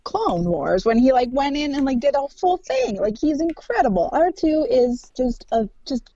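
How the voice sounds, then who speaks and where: A woman's voice: high-pitched, sing-song, normal speed, mellow, no room sound. A woman in casual chat, gushing and laughing often, with many "like"s. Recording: dull, dry sound.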